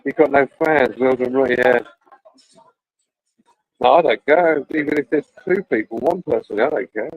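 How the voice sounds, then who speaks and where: A man's voice: medium pitch, normal speed, pauses often, lo-fi sound. A man chatting casually and rambling to live-stream viewers from a cafe.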